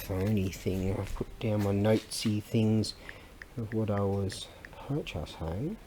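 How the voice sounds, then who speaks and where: A man's voice: lowish voice, a little slow, warm tone, a little hiss or hum. A man, chatting casually in a rambling, self-interrupting vlog. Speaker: vlogger.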